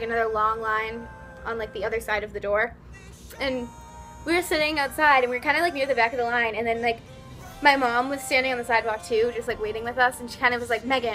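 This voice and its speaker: A young woman vlogger telling an excited, rambling story, full of "like" and restarts, her voice a little worn after a concert. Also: on the high side. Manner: rambly, flustered, lots of "like".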